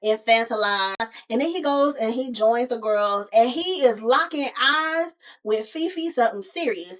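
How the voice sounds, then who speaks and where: A woman hosting a podcast, recapping a movie in a casual, slangy, animated way, as if talking to a close friend. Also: fairly high pitch, moderate pace, few pauses. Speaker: podcast host.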